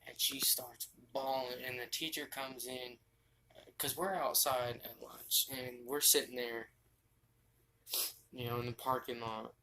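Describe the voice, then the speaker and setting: A young man telling a personal story from his bed, halting and restarting often as he talks. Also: medium pitch, level tone, creaky, background noise. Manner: halting, with frequent restarts and fillers. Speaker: vlogger. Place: bedroom, sitting on his bed.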